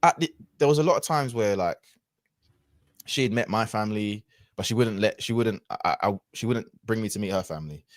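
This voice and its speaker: A man's voice: lowish voice, brisk, no echo, studio quality. A man, a podcast guest telling a personal story in a casual, reflective way with lots of fillers and restarts.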